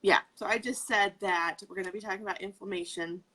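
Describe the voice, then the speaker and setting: A woman's voice: mid-range voice, steady tone, quick pace, bright, forceful tone, poor audio. A woman co-hosting a live health stream, talking casually and explaining with everyday examples from home. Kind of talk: casual live video talk. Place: home in Colorado.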